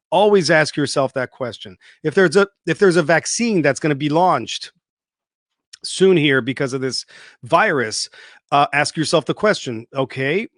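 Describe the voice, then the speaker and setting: A man's voice: a little high, dry recording, studio quality. Emphatic, swearing man with a raised voice. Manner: emphatic, repetitive, swears freely, mocks people in put-on voices. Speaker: online show host. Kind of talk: unscripted livestream monologue.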